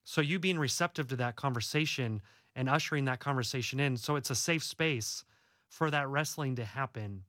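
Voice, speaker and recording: A man's voice: medium pitch, moderate pace, bright, forceful tone, no room sound, clean studio sound. A young adult man, an author and guest, talking earnestly and reassuringly in a casual faith-based interview, often restarting his words.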